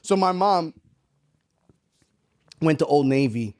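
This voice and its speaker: Lively, high-pitched cursing storyteller man. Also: slow pace, clear, resonant tone. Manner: profane, storytelling. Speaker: podcast co-host. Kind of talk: casual chat.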